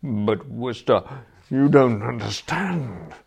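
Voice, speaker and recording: A man voicing a large, cowed bully in an audiobook reading, hushed and sulky, at times half-whispered. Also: mid-range voice, animated, slow pace, gravelly, slight background noise.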